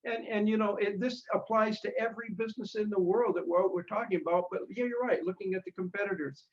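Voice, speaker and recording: Brief: man, high and gravelly voice, rambling anecdotal storyteller, lo-fi recording. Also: fairly even intonation, fast. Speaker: retail speaker. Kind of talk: speaker showcase presentation.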